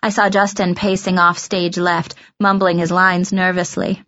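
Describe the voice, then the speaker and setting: A woman giving measured, reflective first-person audiobook narration, on a dull, lo-fi recording. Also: fairly low pitch, little pitch movement, fairly bright tone.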